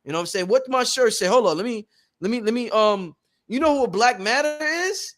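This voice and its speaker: Male host, very high pitch, emphatic and profane, repeats himself, live workshop talk. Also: expressive, a little fast, fairly bright tone.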